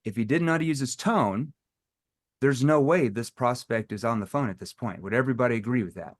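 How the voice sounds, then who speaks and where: Male sales coach, lively and theatrical, voices prospects mid-session. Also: medium pitch, fairly quick. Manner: animated, acts out phone calls with playful tones. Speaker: sales trainer. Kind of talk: live sales training session.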